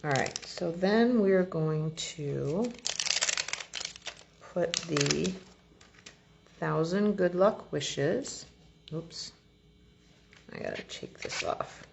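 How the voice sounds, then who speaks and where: A woman with a low, gravelly voice talks slowly through a card-making tutorial, explaining each step as she goes. She speaks in a relaxed, chatty way. The recording is a little dull, with a faint hiss behind her. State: has the hiccups. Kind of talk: crafting tutorial.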